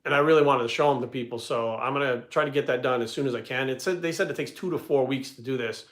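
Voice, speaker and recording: A man's voice: medium pitch, quick pace, fairly bright tone, echoey room. A middle-aged man giving blunt, profane advice in casual talk, swearing constantly and hammering his points home. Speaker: fitness channel host answering viewer questions.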